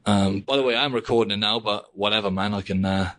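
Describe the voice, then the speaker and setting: A male podcast host rambles through a casual video-call chat, stopping and restarting and laughing a lot. His voice sits a little low. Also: fairly even intonation, a bit bright. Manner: rambling, halting, laughs often.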